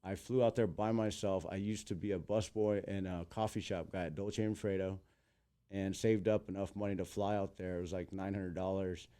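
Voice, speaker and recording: Man in his thirties, low voice, mellow tone, animated storyteller, interview guest. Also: normal speed, clean tone. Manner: animated, acts out quotes in big voices. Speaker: guest, entertainer.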